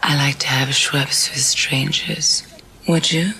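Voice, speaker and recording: A woman playing a sultry woman in a drink advert, in a breathy, drowsy whisper. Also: extremely low pitch, steady tone, measured pace, sharp tone, heavily acted, poor audio. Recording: played advert clip.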